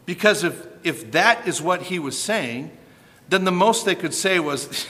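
A man preaching a sermon, animated and emphatic, asking rhetorical questions as he reads and explains scripture. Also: high-pitched, a little slow, in a large hall.

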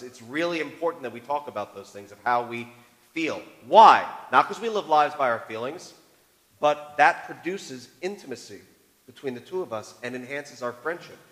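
A man preaching a sermon on marriage, animated, moving between loud emphasis and hushed tones. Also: on the high side, normal speed. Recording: long reverb of a large hall.

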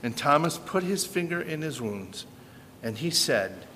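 An animated male preacher delivers a sermon with a bright, forceful voice pitched a little high. He drives his points home with emphatic rhetorical questions. A long reverb from a large hall trails his words. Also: unhurried, a little hiss or hum.

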